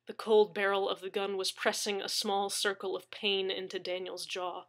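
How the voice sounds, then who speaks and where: A woman's voice: mid-range voice, completely flat delivery, a bit bright. A woman reading a science fiction story aloud as its narrator. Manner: slow, dramatic narration. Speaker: reader.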